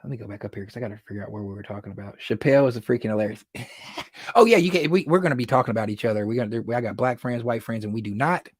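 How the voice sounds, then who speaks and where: A man hosting a casual livestream, telling stories in an excitable way, laughing often and repeating words when worked up. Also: medium pitch, very fast, no room sound, clean studio sound. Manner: animated, excitable storytelling with frequent laughs. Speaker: livestream host.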